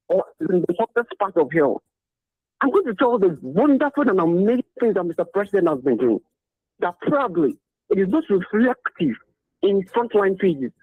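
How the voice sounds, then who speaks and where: A high-voiced man calls into a radio show to argue politics emphatically, repeating his points and asking rhetorical questions. He's on a phone, so the line sounds tinny, though dry.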